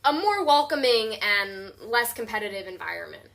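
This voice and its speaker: A woman's voice: on the high side, expressive, normal speed, a bit bright. A young adult woman hosting an interview, agreeable and often finishing her guest's thoughts. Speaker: podcast host. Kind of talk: casual interview talk.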